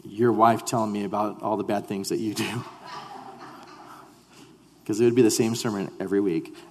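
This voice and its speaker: A man's voice: fairly low pitch, steady tone, moderate pace, long reverb tail, a little hiss or hum. A man preaching a sermon as pastor, earnest and conversational, often restarting his sentences. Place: church sanctuary.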